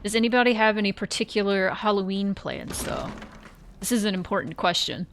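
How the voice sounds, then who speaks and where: Woman, live streamer, casual rambling chat, animated stories, mid-pitched voice. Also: fairly quick, slight background noise. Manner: rambling, animated storytelling with sudden yelps.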